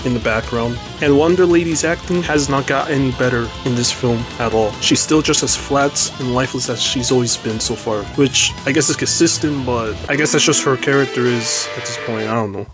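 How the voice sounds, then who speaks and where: A man's voice: mid-range voice, a little fast, hardly any pauses, music in the background. A man giving a casual, ranting film review, blunt and sarcastic, swearing freely. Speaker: movie reviewer.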